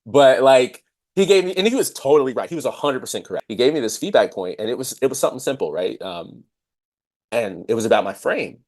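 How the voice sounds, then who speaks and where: A man in his thirties co-hosting a dance podcast, talking in a reflective, casual way with many fillers and lively quoted asides. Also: medium pitch, quick pace. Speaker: podcast host. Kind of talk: casual conversational chat.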